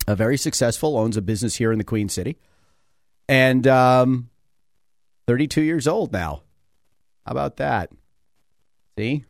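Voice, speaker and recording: A man's voice: mid-range voice, expressive, unhurried, pauses often, dry recording, studio quality. A man hosting a talk radio show, rambling casually with lots of fillers and chuckles. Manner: chatty, digressive, many fillers and chuckles. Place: radio studio.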